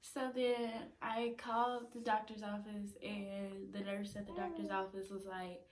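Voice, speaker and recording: A young woman in her twenties casually telling a personal story at home, chatty and animated. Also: medium pitch, moderate pace. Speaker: vlogger. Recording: roomy echo.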